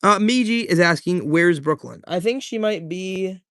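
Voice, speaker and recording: A laid-back male streamer talks in a slightly higher-than-usual voice, chatty and loose, full of slang as he reads comments and thanks viewers by name. The sound is close and dry, with almost no room around it. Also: lively intonation, moderate pace, fairly bright tone, no room sound. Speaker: live streamer. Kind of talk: casual livestream chat, reading out viewer comments.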